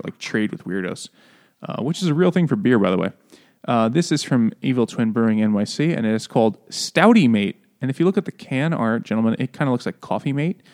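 A man's voice: mid-range voice, a little mellow. A man co-hosting a podcast in casual chat, rambling and joking with lots of fillers and frequent laughs. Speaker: podcast co-host.

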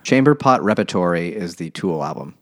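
Dry, blunt low-voiced man. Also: lively intonation, fairly quick. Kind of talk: casual book-club chat.

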